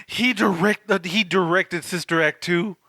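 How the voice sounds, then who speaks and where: A man co-hosting a movie podcast, swearing and reacting excitedly in casual banter. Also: high-pitched, unhurried, no echo. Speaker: podcast co-host.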